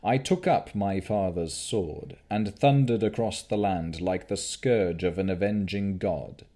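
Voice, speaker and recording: A man reading an audiobook, voicing an ancient male warrior-lord in a slow, grandiose recitation. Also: deep voice, warm tone. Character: ancient male warrior-lord writing his proud confession.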